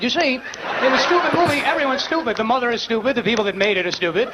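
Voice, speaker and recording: A male stand-up comic with a very high voice mocks his material in an incredulous tone. The recording is an old, dull broadcast tape. A loud audience laughs behind him, over heavy noise. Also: fast, a crowd in the background. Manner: incredulous, mocking storytelling. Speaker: stand-up comedian. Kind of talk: stand-up set on a late-night show.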